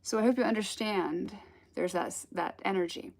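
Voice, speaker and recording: Speaking at normal speed with a gravelly, mid-range voice, a woman gives an informal spiritual talk. She is a spiritual teacher, and her stories ramble along chattily with occasional laughs.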